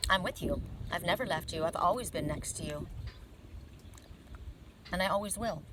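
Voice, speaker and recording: A woman giving an oracle card reading by a lake, talking gently and wandering into chatty asides. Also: mid-range voice, background noise. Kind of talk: outdoor card reading vlog. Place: outdoors by a lake. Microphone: phone camera.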